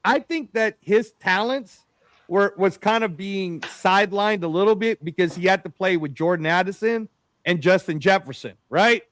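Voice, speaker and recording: A man hosting a casual sports podcast, animated and rambling, calling people "bro" and "man". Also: sits high, moderate pace, no echo. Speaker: podcast host.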